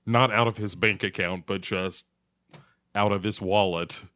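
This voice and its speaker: Man, podcast co-host, halting recap, slow, crisp dry voice. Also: lowish voice, steady tone, bright, forceful tone, no echo. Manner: halting, many fillers and chuckles. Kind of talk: casual episode recap.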